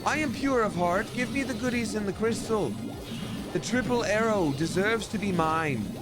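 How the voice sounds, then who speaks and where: A man's voice: high voice, animated, moderate pace, pitched above the performer's own voice. A man putting on a grandly self-righteous voice, declaring in mock-solemn, pompous tones that the loot belongs to him. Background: loud game music.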